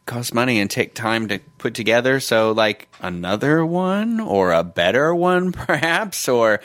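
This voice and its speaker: A man co-hosting a podcast, playful and quick to laugh in casual chat. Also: medium pitch, no echo. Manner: playful, animated, laughs easily. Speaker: podcast co-host.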